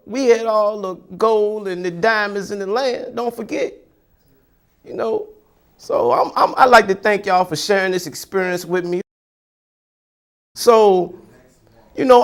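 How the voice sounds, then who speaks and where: A male show host talking casually to his audience in a loose, rambling way. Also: high voice. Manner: loose, rambling, frequent "you know".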